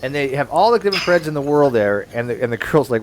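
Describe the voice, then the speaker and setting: A man's voice: mid-range voice, fast talker, few pauses, slight background noise. A man hosting a casual online hangout, rambling and stumbling over restarts as he talks. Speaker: livestream host.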